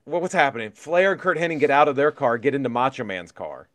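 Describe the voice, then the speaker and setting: A middle-aged man spins a story at a rapid clip, excitable and profane, jumping into re-enactments as he goes. His voice sits at an ordinary pitch and sounds close and dry, with no room around it. It feels like relaxed podcast chat between old friends. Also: dry recording. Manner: excitable storyteller, heavy swearing, animated re-enactments. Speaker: podcast co-host.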